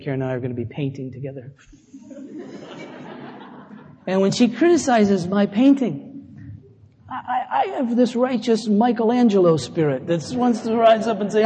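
A man's voice: a little high, mellow, long reverb tail, a little hiss or hum. A middle-aged male pastor preaching a conversational sermon, mixing scripture with self-deprecating asides.

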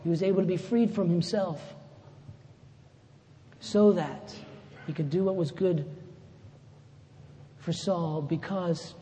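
A pastor giving a sermon in a conversational way, rising to loud emphatic lines and dropping to soft, low asides. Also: male voice, slow pace, pauses often, slight background noise. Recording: echoey hall with faint ambience.

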